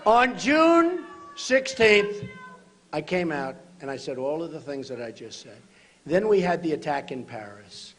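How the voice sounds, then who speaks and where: Emphatic high-voiced man at a rally. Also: animated, a little slow, slight background noise. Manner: emphatic, repeats short phrases, often shouts to the crowd. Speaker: political candidate at a rally. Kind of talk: campaign rally speech. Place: large hotel event hall, live rally. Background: crowd of supporters.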